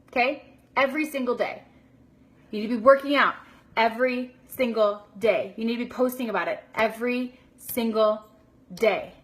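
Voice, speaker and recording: Young woman, fairly high voice, blunt motivational coach who swears and keeps asking "okay?". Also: fairly bright tone. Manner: blunt, swears freely, asks "okay?" after nearly every point; reads out and answers viewer comments by name. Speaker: business coach hosting a live video. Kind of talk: motivational live-stream pep talk.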